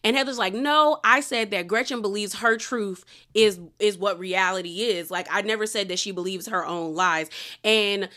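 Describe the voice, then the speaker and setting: A woman's voice: medium pitch, normal speed. A woman casually recapping a reality show episode, retelling scenes with slangy asides and quoted lines. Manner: animated retelling, quoting cast members with slangy asides.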